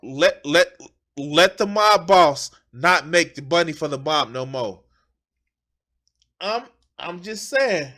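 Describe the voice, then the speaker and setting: A man with a high, bright voice rants through political commentary, swearing freely and hammering points by repeating them. He talks at an unhurried pace with bursts of emphasis. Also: animated. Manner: profane, emphatic, repeats phrases. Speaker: streamer.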